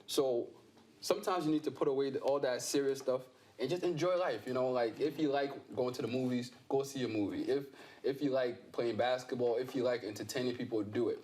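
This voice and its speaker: A man's voice: medium pitch, steady tone, brisk, a little mellow. Playful joking man on a talk show. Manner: playful, joking, filler-heavy. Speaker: comedian guest. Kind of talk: casual interview chat.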